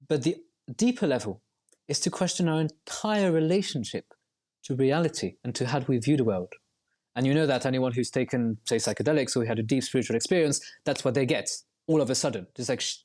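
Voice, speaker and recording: Reflective man, higher voice, winding talk. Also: a little mellow. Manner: reflective, long winding explanations with many restarts. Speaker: guest. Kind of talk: podcast interview.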